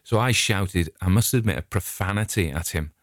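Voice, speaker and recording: Deep-voiced English man rambling chattily. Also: normal speed, no echo, clean studio sound. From England. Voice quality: chatty anecdotal storyteller, digressive. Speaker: vlogger. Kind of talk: casual rambling monologue.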